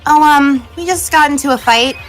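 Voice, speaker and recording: A woman's voice: high-pitched, normal speed, fairly bright tone, soft background music. A woman voicing a sheepish sporty teen girl. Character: sporty upbeat teen girl, hot-tempered.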